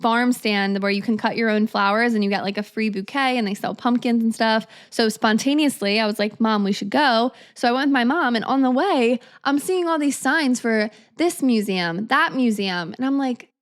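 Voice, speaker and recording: A woman's voice: a little high, moderate pace, hardly any pauses. A woman in her twenties hosting a solo podcast, talking in an upbeat, chatty way with lots of casual fillers. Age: 20s. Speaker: podcast host.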